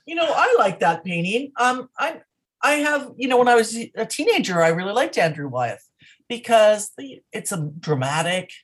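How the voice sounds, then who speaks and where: A middle-aged woman co-hosting a podcast in casual chat, talkative and quick to laugh. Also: mid-range voice, sing-song, husky. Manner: chatty, laughs often, restarts sentences. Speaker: podcast co-host.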